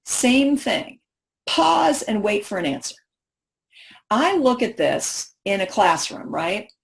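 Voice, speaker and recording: Woman workshop presenter, animated, question-driven delivery to a live audience. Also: mid-range voice. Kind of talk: professional development workshop talk.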